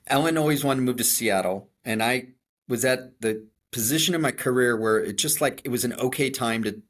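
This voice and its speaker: A middle-aged man from Chicago with a Chicago accent, a podcast co-host telling stories in an animated, self-deprecating way with frequent restarts. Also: medium pitch. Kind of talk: conversational storytelling.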